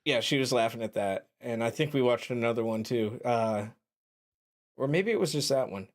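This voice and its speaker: A man co-hosting a podcast, chatting casually and crudely, often halting and restarting mid-sentence. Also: mid-range voice, animated. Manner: halting, restarts, laughs at jokes. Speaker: podcast co-host.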